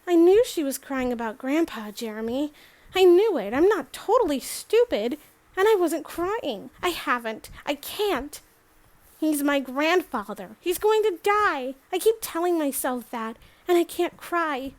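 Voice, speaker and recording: A woman's voice: high voice, expressive, a little slow. A woman reading a novel aloud as a first-person letter, giving the quoted lines their own voices. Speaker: audiobook reader.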